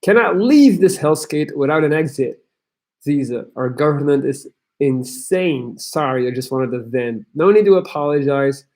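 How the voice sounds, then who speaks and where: A man's voice: a little high, animated, moderate pace, darkish tone. A young man from Belgium, hosting a livestream where he reads chat messages aloud and gives blunt, crude tough-love advice. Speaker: host.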